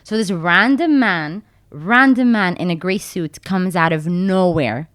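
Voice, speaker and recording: Young woman, podcast guest, lively storyteller, dry close sound, lowish voice. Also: unhurried, no echo. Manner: animated, acts out her own quotes in a much higher voice. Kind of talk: casual storytelling.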